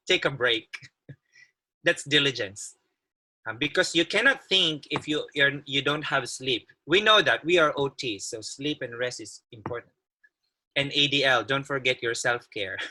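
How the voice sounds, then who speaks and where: A man's voice: on the high side, sharp tone, low-quality recording. A man who is an occupational therapist giving a friendly webinar talk over a video call, laughing often and restarting his sentences. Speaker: guest speaker, occupational therapist. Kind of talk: webinar presentation.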